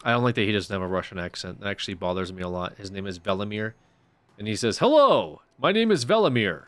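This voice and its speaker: A man's voice: low-pitched, steady tone, fast, fairly bright tone, smooth, no echo. A young man giving casual commentary while streaming a game, often exasperated and swearing.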